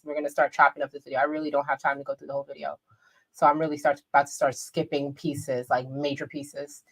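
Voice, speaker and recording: A woman hosting a livestream, reacting to a video with brash, profane and theatrical outrage. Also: low voice. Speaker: livestream commentary host.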